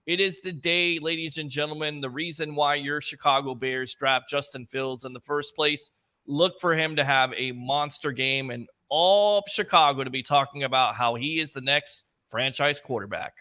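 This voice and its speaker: A male panelist makes his football picks with emphatic enthusiasm. His voice is bright and forceful, pitched a bit higher than most men's. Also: normal speed. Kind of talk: sports betting talk show.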